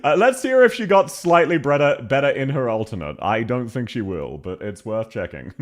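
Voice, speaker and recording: A man's voice: mid-range voice, very animated. Laughing Australian man streamer. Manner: blunt, laughing, quick asides. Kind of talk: reaction commentary.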